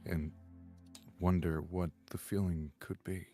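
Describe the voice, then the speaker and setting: Hesitant, low-voiced male player. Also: little pitch movement, warm tone, soft background music. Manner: hesitant, halting. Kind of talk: describing character actions in a tabletop game.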